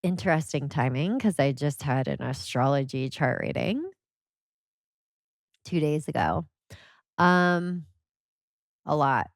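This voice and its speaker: A woman with a somewhat low voice chatting as a podcast guest. She tells stories animatedly and leans on "like" a lot. The sound is close and dry. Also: takes it slowly, pauses often, no echo. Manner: animated storyteller, many "like" fillers. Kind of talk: casual conversation.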